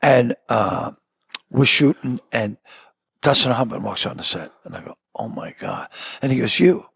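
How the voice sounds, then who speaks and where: Raspy gravelly boston guy, comedian spinning stories, lively up and down voice, dry close sound. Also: medium pitch, moderate pace, no room sound. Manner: animated storyteller acting out quotes. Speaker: comedian guest. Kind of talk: storytelling chat.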